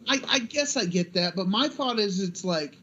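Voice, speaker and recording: A man's voice: high voice, animated, normal speed, sharp tone, lo-fi sound. A man co-hosting a podcast in casual chat, rambling along with filler words and false starts. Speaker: podcast co-host.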